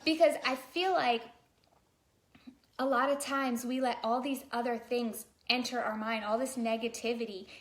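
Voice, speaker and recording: Chatty, fairly high-voiced woman vlogger. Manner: chatty, fillers like "like", addresses viewers directly. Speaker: vlogger and daycare provider. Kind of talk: casual motivational talk to camera.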